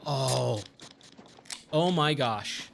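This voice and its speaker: A man's voice: mid-range voice, expressive, extremely slow, vocal fry, a little hiss or hum. A man chatting casually on a gaming livestream, easily amazed and thanking viewers, with faint game music behind.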